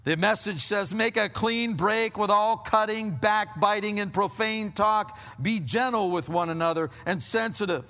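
High, bright-voiced preacher in a big hall. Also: male voice. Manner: preaching with sudden drops to hushed, low emphasis; slows down to stress points. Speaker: pastor. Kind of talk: sermon.

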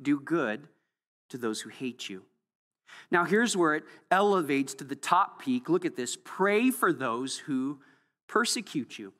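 A pastor delivering a sermon with emphatic delivery that swings from hushed to loud, recorded in a church sanctuary. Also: mid-range voice, very animated, a little slow. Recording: long hall reverb.

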